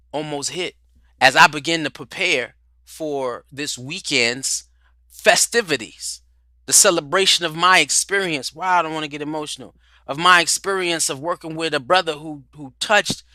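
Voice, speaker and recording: Preacherly man with a bright, close voice. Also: fairly high pitch, dry recording. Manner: preacherly, rhetorical questions, repeats words, swings from loud to quiet. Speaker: host. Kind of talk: livestream talk on spirituality and culture.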